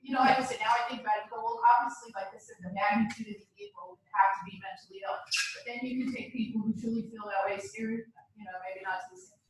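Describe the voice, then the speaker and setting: A woman's voice: fairly high pitch, fast, slight background noise. A woman taking part as a student in a classroom discussion, thinking aloud hesitantly and asking questions. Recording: distant and echoey with faint ambience.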